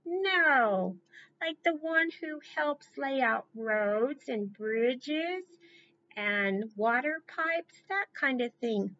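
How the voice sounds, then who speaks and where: A woman co-presents a library storytime, offering playful ideas in a slow, high voice. Her tone is bright and a little sharp. The recording sounds slightly dull. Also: lively intonation.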